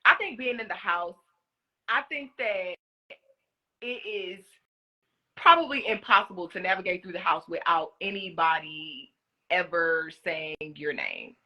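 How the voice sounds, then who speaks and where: A young woman in casual live-stream chat, answering fan questions about being a reality show contestant, talking in an animated way with many fillers. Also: on the low side, measured pace, muffled recording. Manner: chatty, animated, lots of "like" fillers. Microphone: phone.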